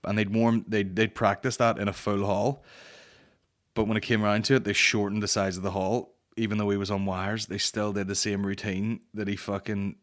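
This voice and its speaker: A man's voice: fairly low pitch, level tone, moderate pace. A young man hosting a comedy podcast, ranting casually in rambling, profane banter. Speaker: podcast host.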